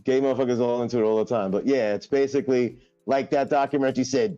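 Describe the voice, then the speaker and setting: A man co-hosting a podcast, telling rambling, crude stories in loose, casual banter. His voice sits at a middle pitch and sounds dry and close. The recording is a bit dull and lo-fi. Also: fairly even intonation, fast talker, dark tone, no echo, soft background music. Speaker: podcast co-host.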